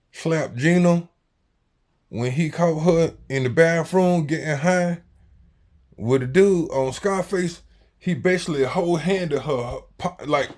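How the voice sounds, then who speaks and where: A man, telling a story in slangy casual talk that swings between loud and quiet. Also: mid-range voice. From Jacksonville, Florida, US. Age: 40s.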